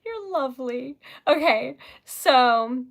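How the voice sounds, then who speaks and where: Young woman, livestream host, casual chat, slightly high voice, giggly, soft whispers. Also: expressive, slow pace, vocal fry. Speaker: livestream host selling typewritten poetry.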